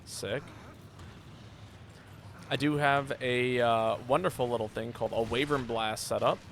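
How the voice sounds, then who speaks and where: A man streaming a game, chatting casually and joking with his viewers, now and then yelping with excitement. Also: mid-range voice, measured pace, slight background noise. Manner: relaxed, joking, with sudden excited yelps. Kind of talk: casual gameplay chat. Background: game music.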